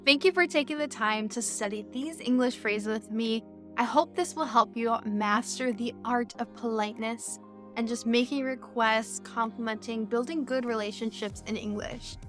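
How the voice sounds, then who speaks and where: A woman's voice: a little high, a bit bright. A woman teaching English in an online lesson, patiently explaining phrases step by step with many examples.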